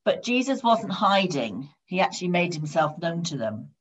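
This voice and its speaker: Low-voiced woman preaching. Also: slightly rough. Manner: storytelling with steady, measured repetition. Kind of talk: sermon. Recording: dull lo-fi sound.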